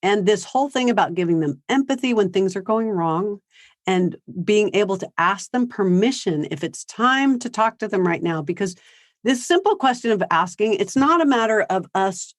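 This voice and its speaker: A woman's voice: medium pitch, expressive, moderate pace, no room sound. Chatty woman giving a parenting seminar, dry sound. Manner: conversational, acts out quotes of teens and parents. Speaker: parenting speaker. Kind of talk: seminar talk. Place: high school seminar.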